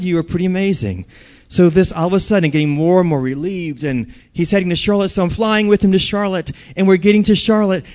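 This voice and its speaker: A man's voice: high voice, a little mellow. A man preaching a sermon, telling a personal story and asking the audience questions.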